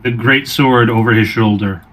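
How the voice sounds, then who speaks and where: A man narrating a tabletop game as game master, describing the scene in steady, descriptive terms. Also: fairly low pitch, normal speed.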